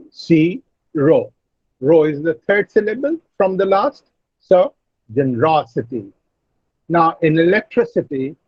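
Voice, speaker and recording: A husky-voiced Indian man lectures slowly and patiently over a video call. His voice sits a little high for a man and sounds dry and close. The audio is dull and lo-fi. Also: dry recording. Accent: Indian English. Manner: slow, methodical explaining, frequent throat clearing. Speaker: English teacher. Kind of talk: online class lecture.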